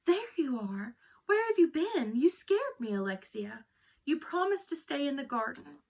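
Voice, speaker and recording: Woman reading a caring, firm grandmother; gravelly tone. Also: on the high side, moderate pace, fairly bright tone. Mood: alarmed.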